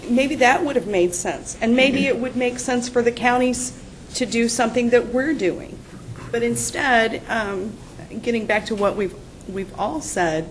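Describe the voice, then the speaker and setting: A woman's voice: medium pitch, a little hiss or hum, rough recording. A woman speaking on a panel as a township official, arguing her case with conviction. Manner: impassioned, argumentative. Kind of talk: panel discussion.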